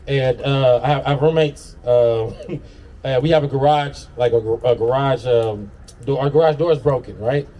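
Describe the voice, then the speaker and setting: A man doing a brash stand-up comedy set on an outdoor patio, swearing and laughing through his own lines. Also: medium pitch. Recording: distant mic with loud audience.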